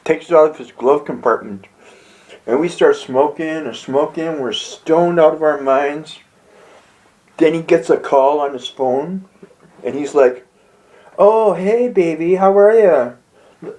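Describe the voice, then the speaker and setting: A young man rambles through a homemade comedy story, tripping over and repeating his words. His voice sits a little high, and he chuckles at his own punchlines. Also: darkish tone, low-quality recording. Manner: halting, repeats words, laughs at own jokes. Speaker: amateur comedy vlogger.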